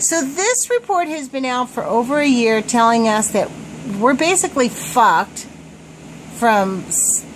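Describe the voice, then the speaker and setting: High-pitched, indignant woman ranting. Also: a little hiss or hum, low-quality recording. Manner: indignant, swearing, stumbles over words. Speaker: vlogger reading a report aloud. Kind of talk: agitated screen-reading rant.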